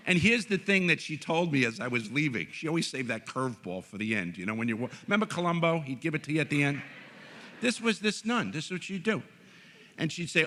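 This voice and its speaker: A man giving an inspirational faith talk at a conference, earnest and animated, telling stories with jokes. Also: on the high side, brisk, slight background noise. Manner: animated, joking, earnest storyteller. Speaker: conference speaker. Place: conference hall stage.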